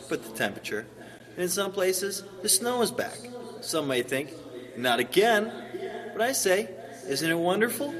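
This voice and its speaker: A cheery, folksy male winter-advice host, played by a man in a church skit. He talks in a chatty, upbeat pep-talk manner, his voice sitting a touch high. He sounds distant, with a long hall echo and a murmuring audience.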